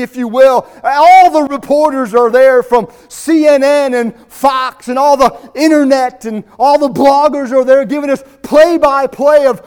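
Slow, high-voiced male preacher. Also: clean tone. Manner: slow, emphatic preaching with long pauses, rising to shouts. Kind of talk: sermon.

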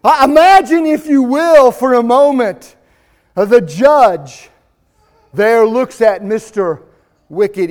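A man preaching a sermon, slow and emphatic, pausing often and rising to shouts. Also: very high voice.

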